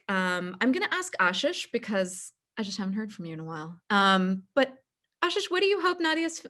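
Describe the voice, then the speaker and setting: A woman filmmaker moderating a festival Q&A over a video call, encouraging and filling pauses with ums. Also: mid-range voice. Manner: warm, encouraging, many ums.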